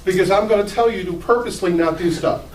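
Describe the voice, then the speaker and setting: A man's voice: high voice, fast, slight background noise. A male pastor preaching in a casual, conversational way, acting out the people in his story. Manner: casual, conversational, animated with acted-out quotes. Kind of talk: sermon. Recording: roomy hall, distant mic, faint ambience.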